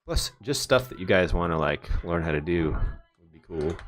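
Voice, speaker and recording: A man's voice: sits low, animated, normal speed. A man in his thirties, a photographer chatting casually and rambling with joking asides while he works at his computer. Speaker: photographer doing a livestream. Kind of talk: casual chat while working.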